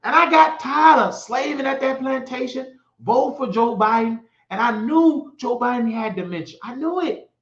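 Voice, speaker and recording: A man's voice: very high voice, expressive, moderate pace. A man from the United States hosting his own show, giving an impassioned, rambling political monologue. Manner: heated, shouting at times, rambling with restarts. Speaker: show host. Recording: echoey room, dull lo-fi sound.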